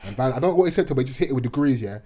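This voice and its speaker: A young man in casual chat, quick and joking, with plenty of slang fillers. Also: medium pitch, expressive, mellow.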